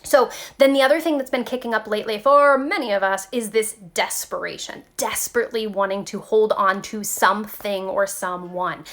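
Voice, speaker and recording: A woman talking casually to her viewers about spiritual growth, animated and chatty, often saying "like" and "okay". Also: mid-range voice, normal speed, few pauses. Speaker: spiritual tarot vlogger.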